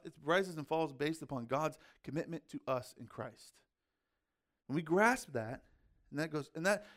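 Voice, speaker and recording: A man preaching a sermon in a conversational way, with rhetorical questions and casual asides. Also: a little high. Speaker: pastor.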